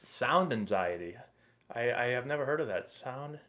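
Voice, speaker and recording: A man in his thirties hosting a casual live stream, reading viewer questions aloud and answering in a relaxed, chatty way. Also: mid-range voice, moderate pace. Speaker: livestream host and former pro baseball player.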